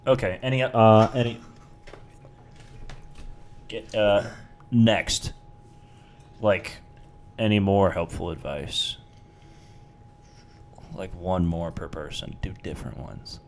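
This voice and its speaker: A man's voice: low-pitched, slow, pauses often, a little hiss or hum. A young married man on a podcast, talking things through thoughtfully in a casual chat. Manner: thoughtful, weighing both sides. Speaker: podcast co-host.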